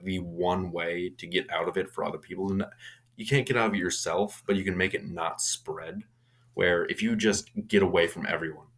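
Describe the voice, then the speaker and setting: A man's voice: low voice, a bit bright. A young man casually retelling a horror movie's plot, rambling with frequent restarts and fillers. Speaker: movie reviewer.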